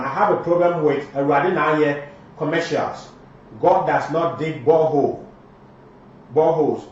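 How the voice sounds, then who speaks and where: A man with a Ghanaian accent hosting a live show, switching between Twi and English and reading out viewer comments with emphatic delivery. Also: on the high side. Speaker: morning show host. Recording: very echoey, distant, dull lo-fi sound.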